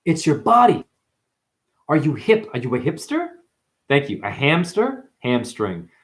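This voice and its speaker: A man giving a rambling spiritual livestream monologue, profane and full of sudden jumps in pitch. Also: huge pitch swings, a little slow. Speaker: spiritual vlogger.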